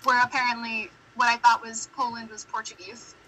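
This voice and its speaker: A young American woman chatting as a podcast guest, telling stories quickly and laughing often. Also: a little high, little pitch movement, sharp tone, rough recording. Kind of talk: casual chat.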